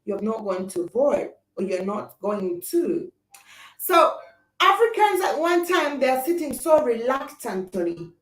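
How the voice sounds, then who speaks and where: A young woman with a high voice hosts a livestream, pressing her points with emphatic, repeated phrases and answering viewer comments. She sits well back from the mic in an echoey room. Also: very animated, slow pace. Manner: emphatic, repetitive rhetorical phrasing. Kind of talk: impassioned opinion talk. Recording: roomy, distant mic.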